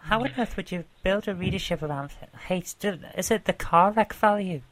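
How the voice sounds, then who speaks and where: A woman co-hosting a casual podcast chat, briskly steering the conversation. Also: on the low side, fairly bright tone, low-quality recording. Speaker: podcast co-host.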